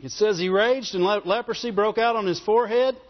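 Man preaching a sermon, high voice, animated, long hall reverb, dull lo-fi sound. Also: fairly quick. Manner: animated, asks the congregation questions.

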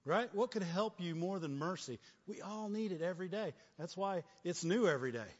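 A man's voice: high-pitched, expressive, brisk. A man preaching a sermon as pastor, punctuating his points with "right?" and "amen?", often stammering and laughing. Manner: repetitive call-and-response, frequent "right?" and "amen?". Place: church hall. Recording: long church reverb, dull lo-fi sound.

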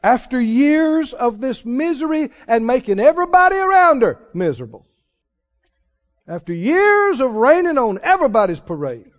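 A man preaching a sermon in an animated style, mimicking wailing prayers to make his point. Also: very high-pitched, normal speed. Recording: muffled lo-fi sermon recording.

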